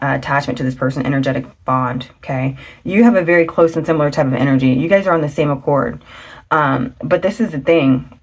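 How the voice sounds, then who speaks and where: A woman giving a chatty tarot reading to her viewers. She talks fast and loose, often getting excited, exclaiming and laughing at the cards. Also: low voice. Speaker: tarot reader. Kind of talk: casual tarot reading to camera.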